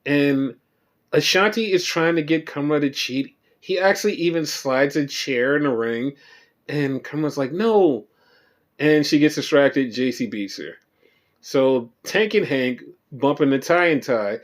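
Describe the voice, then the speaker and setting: A man hosting a podcast, recapping wrestling shows in a rambling, profane and animated way. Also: on the high side, a little slow. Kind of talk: casual chat.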